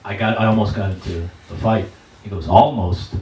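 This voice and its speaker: A man with a fairly low, slightly mellow voice does a stand-up set, speaking fairly quickly with fairly even intonation as he tells profanity-laden stories and acts out the voices of the people in them. The sound is roomy and distant-miked from a comedy stage, with a live audience laughing and clapping.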